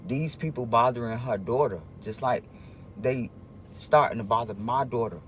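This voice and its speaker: A man's voice: medium pitch, fairly bright tone, a little hiss or hum. Rambling man talking on a livestream. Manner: rambling, halting, with many restarts; earnest, confiding tone addressing viewers. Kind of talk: casual livestream monologue.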